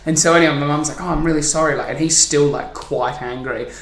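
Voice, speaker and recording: A man's voice: fairly high pitch, steady tone, fast, vocal fry, a bit bright. Swearing, laughing young man in an echoey room. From New Zealand. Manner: swears freely, laughs through his story, acts out voices. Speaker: podcast host. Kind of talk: casual storytelling chat.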